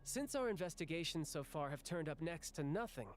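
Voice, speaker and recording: A man's voice: on the high side, animated, a little fast, a little hiss or hum, close to an everyday voice. A man voicing an earnest young man in a game, a dutiful older brother who speaks plainly. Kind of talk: game dialogue.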